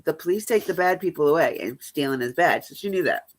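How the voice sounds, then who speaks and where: A woman's voice: sits low, lively intonation, quick pace. A woman hosting a live stream, telling blunt, profane stories in casual chat.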